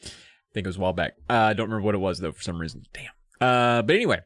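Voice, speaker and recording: A man's voice: on the low side, very fast, fairly bright tone, no room sound. A man co-hosting a podcast in casual chat, with dry, joking, laid-back remarks. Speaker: podcast co-host.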